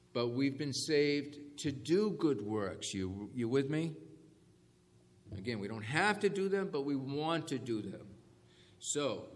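A man preaching a sermon, calling for amens and checking that the congregation follows along. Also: mid-range voice. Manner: call-and-response, animated emphasis on key phrases. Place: church hall. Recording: echoey hall with faint ambience.

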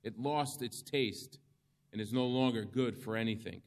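Male preacher, mid-pitched voice, slow deliberate sermon delivery with weighty pauses.

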